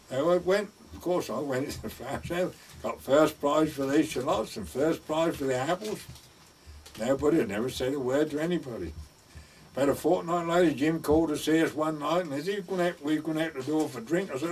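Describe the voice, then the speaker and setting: A man's voice: mid-range voice, expressive, normal speed, distant mic, a little hiss or hum. An older man telling rambling village anecdotes, chuckling and quoting each speaker with "he said". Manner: rambling, chuckling, quotes everyone with "he said". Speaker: village storyteller. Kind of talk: oral history anecdotes.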